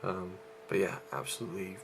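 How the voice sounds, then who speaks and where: A man talks through a movie review, his deep voice catching on a gravelly rasp. He is out of breath and rambles, with many ums and restarts. A faint hum sits under the recording. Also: brisk. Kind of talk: casual vlog review.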